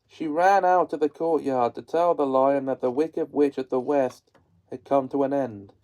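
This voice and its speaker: A man reading a classic children's story aloud as narrator, in slow, measured storytelling. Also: mid-range voice, a little mellow, low-quality recording. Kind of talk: audiobook-style reading.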